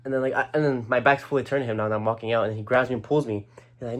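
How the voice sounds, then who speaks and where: A man's voice: mid-range voice, steady tone, rapid-fire, fairly bright tone. A young man casually telling a rambling story, full of slang and fillers. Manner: rambling, slangy, lots of "like" and "bro".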